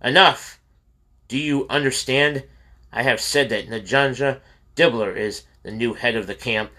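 A man's voice: medium pitch, moderate pace, bright, forceful tone, natural voice. A man reading the lines of a stern, short-tempered male camp official, curt and commanding. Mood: angry.

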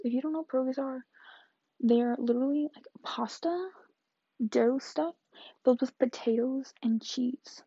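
A woman's voice: on the high side, vocal fry, dark tone, husky, dry recording, lo-fi sound. An eighteen-year-old woman chatting through a rambling vlog story, often dropping into whispered asides. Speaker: vlogger.

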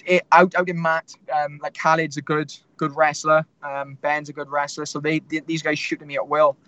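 A man's voice: a little high, little pitch movement, moderate pace, bright, forceful tone, no echo, muffled recording. A man, a fighter telling stories in a casual interview, rambling with lots of fillers. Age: 20s. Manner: rambling storytelling with many fillers. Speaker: MMA fighter guest.

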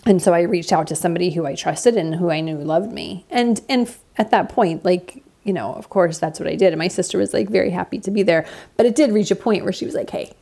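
Woman host in her 30s, low and gravelly, mellow tone, candid casual podcast monologue. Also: fast, few pauses. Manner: candid and reflective, many fillers.

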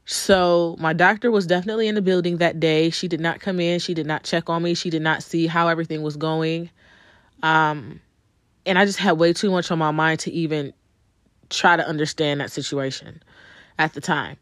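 A woman's voice: low-pitched, steady tone, moderate pace, no echo, clean studio sound. A woman telling viewers a personal story in a conversational way, with frequent ums and repeated phrases. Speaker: vlogger telling her birth story.

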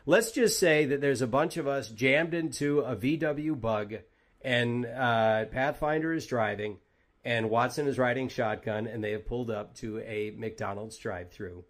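Man, podcast host, casual and jokey, mid-pitched voice. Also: a little slow. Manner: chatty, jokey, reads out viewer questions. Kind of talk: casual interview chat.

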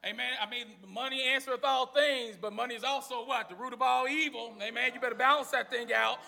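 Give me a man preaching with call-and-response, gravelly and sharp-voiced. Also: very high voice, fairly even intonation, fairly quick. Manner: call-and-response, folksy storytelling. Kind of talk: sermon.

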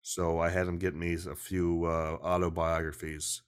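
A man's voice: low voice, little pitch movement, moderate pace, smooth. A man hosting a podcast over a video call, rambling casually, swearing often and cutting himself off mid-sentence. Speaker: podcast host.

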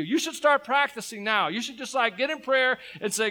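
A man preaching a sermon as a pastor, earnest with casual asides, his voice swinging between hushed and loud. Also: high voice, animated, moderate pace, low-quality recording.

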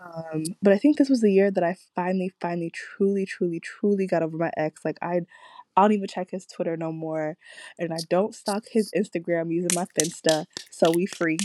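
A woman's voice: lowish voice, fairly quick, warm tone, no room sound. A young woman in casual chat, talking hesitantly with many fillers and some dry humor.

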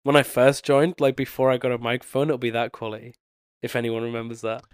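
A young podcast co-host, sick with a bad cold and short on sleep, sounds blocked and nasally as he rambles through a casual chat, sometimes losing his thread. His mid-range voice is smooth, clear, flat and fast. The recording is close and dry with no room sound.

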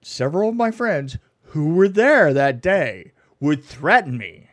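A man's voice: fairly high pitch, sing-song. A man co-hosting a podcast, telling a long rambling story in casual chat, stumbling over words and laughing often. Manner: rambling, halting, laughs a lot. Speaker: podcast co-host.

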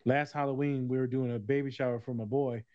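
A man's voice: medium pitch, fairly even intonation, fairly quick, no room sound. Male podcast host, profane storyteller, dry and dull-sounding recording. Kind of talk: casual podcast chat.

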